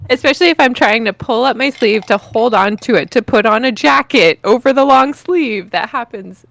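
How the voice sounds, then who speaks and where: A woman's voice: on the high side, normal speed, vocal fry, no room sound. A woman with a Texan accent co-hosting a podcast in casual chat, giggling often. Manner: giggly, animated storytelling. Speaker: podcast co-host. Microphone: podcast microphone.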